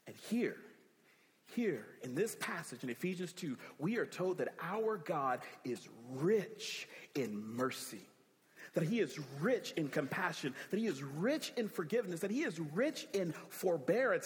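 Male pastor, emphatic sermon delivery, unhurried, long reverb of a church hall. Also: fairly high pitch, big pitch swings. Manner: emphatic preaching, repeats key phrases with rising emphasis.

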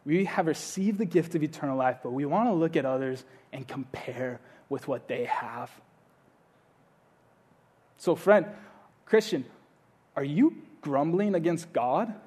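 A man preaching a sermon, earnest, repeating his phrases and swinging between loud urging and hushed appeals. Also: a little high, lively intonation, unhurried, pauses often, breathy edge. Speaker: pastor.

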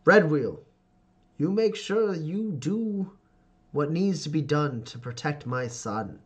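A man's voice: a little high, expressive, takes it slowly, breathy edge, pitched above the performer's own voice, exaggerated voice. A man voicing a stern, domineering male clan patriarch who speaks in a commanding, smug way.

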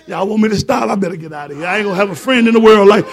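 A man's voice: high-pitched, racing. A man preaching a fervent sermon, repeating words for emphasis and joking with his congregation.

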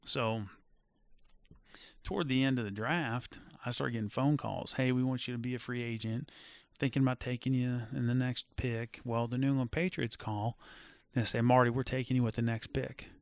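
A middle-aged former football player telling stories in a casual chat, animated and full of fillers. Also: male voice, mid-range voice, normal speed, gravelly, no room sound. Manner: animated storyteller with many fillers. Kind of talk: casual storytelling.

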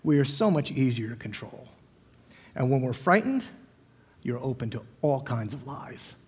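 A man's voice: mid-range voice, sing-song, normal speed, a little mellow, husky. A middle-aged male pastor preaching a sermon in a church, talking conversationally and acting out the questions of the disciples. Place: church sanctuary. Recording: long reverb of a large hall.

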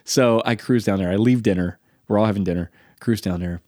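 Podcast co-host, male, American, fast and lively storyteller, dry close sound. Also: on the low side, no echo. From United States. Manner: animated storyteller, acts out quotes. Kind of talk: casual podcast chat.

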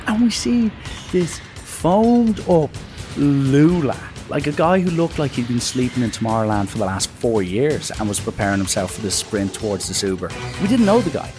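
A man's voice: moderate pace, soft background music. A young adult man with an Irish accent telling rambling, jokey stories in a casual monologue, often interrupting himself. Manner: animated, swings pitch for acted quotes.

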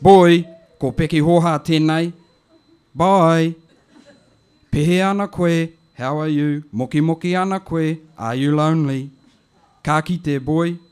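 A man voicing a loud, bossy, teasing elderly Māori auntie who hollers and scolds down the phone in a comic poetry performance. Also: slow pace, long pauses, clear, resonant tone. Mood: fond. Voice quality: shrill and loud, calling out. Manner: scolding, hollering, laughing at herself.

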